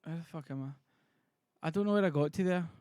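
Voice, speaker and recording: A male streamer with a high voice, chatting casually between readings. He swears freely and argues with his chat in exasperation, and the sound is close and dry. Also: moderate pace, mellow, clean tone, no room sound.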